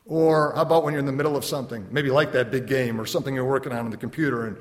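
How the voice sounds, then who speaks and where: A man preaching a sermon as a pastor, animated, acting out little dialogues and laughing often. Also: medium pitch, very fast, hardly any pauses. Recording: long hall reverb.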